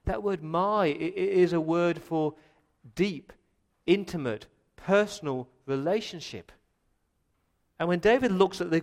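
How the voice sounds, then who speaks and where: Impassioned Australian pastor preaching. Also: male voice, a little high. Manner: builds from quiet reflection to loud impassioned pleading. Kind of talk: sermon. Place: church.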